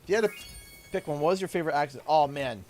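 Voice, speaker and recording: A Canadian man live-streaming a game, excitable and thanking viewers over and over. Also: on the high side, racing, faint music behind. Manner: excitable, thanks donors warmly and often. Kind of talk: live gameplay stream chat.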